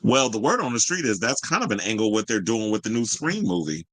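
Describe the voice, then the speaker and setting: A man hosting a casual pop culture podcast, sassy and animated, reading viewer comments and riffing on them. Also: fairly low pitch, fairly quick, no echo, poor audio. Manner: sassy, animated, reads chat comments aloud. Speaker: podcast host.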